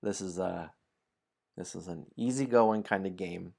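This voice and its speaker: A man streaming a game talks in a low, unhurried voice that's gravelly and a little mellow. He chats playfully and apologetically with viewers, reads a storybook aloud, and laughs often.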